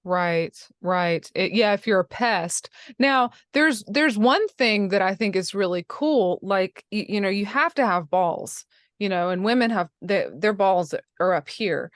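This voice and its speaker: A woman's voice: medium pitch, expressive, unhurried, no room sound, studio quality. A woman giving blunt, emphatic career advice in a casual interview, calling listeners honey and baby.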